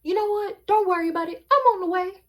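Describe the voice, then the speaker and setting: A furious grandmother shouts frantically that she is on her way, as a girl acts her out. Her voice jumps high and loud. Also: fast talker.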